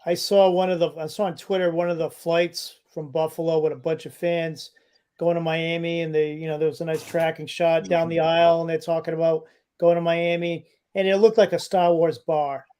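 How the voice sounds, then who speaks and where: A man's voice: on the high side, little pitch movement, normal speed, warm tone, clean tone. A man co-hosting a casual sports podcast, joking and mocking rival fans. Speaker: podcast co-host.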